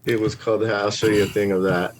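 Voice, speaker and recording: A man chatting as a podcast guest, recounting stories in a loose, animated way. He leans on "like" and restarts his sentences often as his thoughts run ahead. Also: lowish voice, a little fast, slight background noise. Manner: rambling, animated, heavy use of "like". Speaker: podcast guest, scare actor. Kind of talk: casual storytelling.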